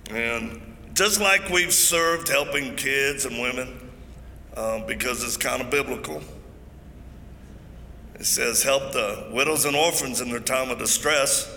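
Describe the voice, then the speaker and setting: A man with a medium-pitched, pushed and bright voice delivers an emphatic, preaching-style speech at a large event, weaving jokes into his stories. The echoey hall adds faint noise.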